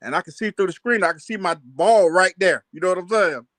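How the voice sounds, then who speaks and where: A man casually telling childhood stories on a livestream, animated and laughing, full of slang. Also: high voice, brisk, no room sound. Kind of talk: casual storytelling chat.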